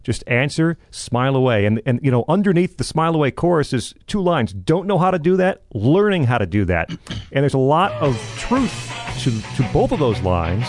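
A man's voice: medium pitch, moderate pace, no room sound. A man co-hosting a podcast, talking enthusiastically in a casual music discussion. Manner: enthusiastic, animated. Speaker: podcast co-host.

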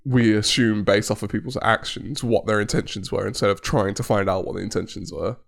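A man talking things through on a casual podcast. His voice sits a bit low, and he speaks earnestly and reflectively, circling his point with fillers. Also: steady tone, fairly quick, vocal fry. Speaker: podcast co-host. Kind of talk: casual chat.

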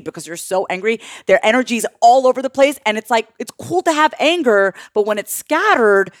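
A middle-aged woman coach talking on a podcast in an animated, blunt way, with casual swearing. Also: mid-range voice, no echo, studio quality. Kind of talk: podcast conversation.

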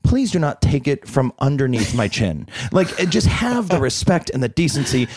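A man telling an animated story, dry sound. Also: medium pitch, normal speed, no room sound. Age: 40s. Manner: animated storyteller, acts out quotes in shifting voices. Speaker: actor guest. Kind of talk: casual interview chat.

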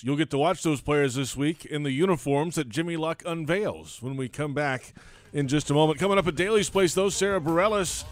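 A man hosting a sports talk show, his voice pitched a little high. He reads promos in a bright announcer manner. Music runs clearly underneath. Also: dry recording. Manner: upbeat announcer delivery. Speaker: radio show host. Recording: music bed behind the voice.

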